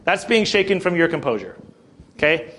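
A man's voice: on the high side, sing-song, moderate pace, fairly bright tone. A man preaching a sermon in a conversational way, breaking down scripture with asides and acted quotes. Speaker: pastor.

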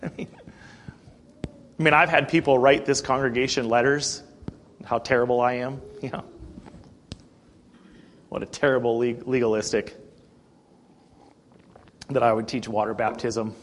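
A male pastor giving a conversational sermon, plain-spoken, asking the congregation rhetorical questions and often clearing his throat. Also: mid-range voice, fairly even intonation, measured pace, long pauses, a little hiss or hum.

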